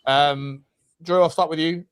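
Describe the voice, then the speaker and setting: A man hosting a casual football fan chat, animated and talking over others, swearing freely. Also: fairly high pitch, unhurried, clean tone. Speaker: host.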